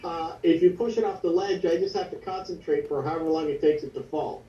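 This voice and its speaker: A man's voice: fairly high pitch, brisk, warm tone. A man playing in a tabletop game, eagerly laying out his plans at length. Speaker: player. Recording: dull, roomy, distant mic.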